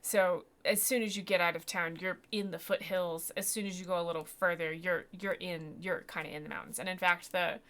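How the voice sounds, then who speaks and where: A woman's voice: on the low side, fairly even intonation, a little fast, hardly any pauses, fairly bright tone. A woman narrating as game master of a tabletop game, rambling and self-deprecating, with many fillers and restarts.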